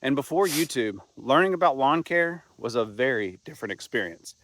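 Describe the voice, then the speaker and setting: A man's voice: mid-range voice, animated, normal speed, background noise. A man narrating a scripted video essay in a plain, conversational way, with an occasional aside. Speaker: channel host.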